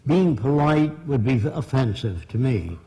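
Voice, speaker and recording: A man lecturing an audience with a mellow, darker tone. He speaks bluntly and emphatically, driving each point home. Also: medium pitch, lively intonation, a little slow, poor audio. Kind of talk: public lecture.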